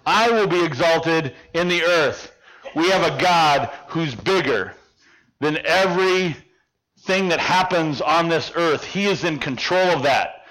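Middle-aged male preacher, high voice, vivid storyteller who acts out the scene. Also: slow pace, low-quality recording. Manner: animated storyteller, acting out dialogue, drops to hushed tones. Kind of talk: sermon with personal story.

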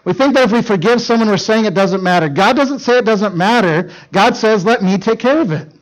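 High-voiced storytelling male preacher. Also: brisk, poor audio. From northern Minnesota. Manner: animated, shifts from hushed to loud shouting in stories. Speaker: youth speaker. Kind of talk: storytelling sermon.

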